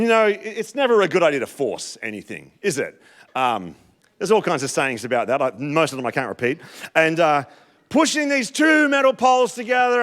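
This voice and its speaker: A middle-aged Australian man preaching in church, his voice sitting a little high for a man. He tells his stories with open emotion, dropping soft and low for earnest points and surging up loud and excited for the funny parts. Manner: animated, emotional storytelling with big swings in loudness. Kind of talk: sermon with a personal story.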